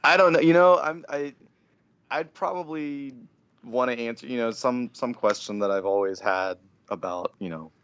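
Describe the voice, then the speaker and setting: A man's voice: mid-range voice, moderate pace, a bit bright, smooth, no room sound, lo-fi sound. A man talking as a guest in a casual chat, rambling with lots of fillers.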